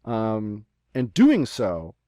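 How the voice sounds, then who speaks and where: A man's voice: fairly low pitch, huge pitch swings, extremely slow, dark tone, no room sound, clean studio sound. A man narrating as game master of a tabletop game over a remote call, rambling with many fillers and restarts. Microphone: remote call microphone.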